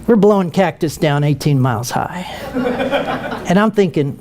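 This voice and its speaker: A man's voice: on the high side, normal speed, long pauses, a loud crowd. An older man, a retired military pilot, telling a humorous story to an audience and acting out voices. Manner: lively, humorous, acts out voices.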